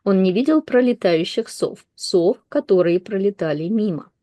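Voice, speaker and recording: A woman's voice: medium pitch, expressive, moderate pace, dark tone, no echo. A woman whose first language is Russian, teaching while reading aloud, thinking aloud with fillers and self-corrections.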